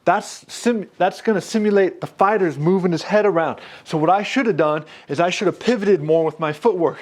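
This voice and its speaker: A man demonstrating a punching bag while training, energetic, calling out strikes, a little out of breath. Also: a little fast. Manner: energetic, punctuates moves with 'boom' and 'pop'. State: slightly out of breath. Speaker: fitness instructor. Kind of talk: product demo while training.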